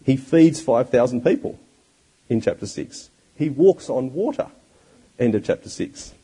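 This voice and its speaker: Husky, animated man preaching a sermon. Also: medium pitch, a little slow, low-quality recording. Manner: expressive, with rhetorical questions.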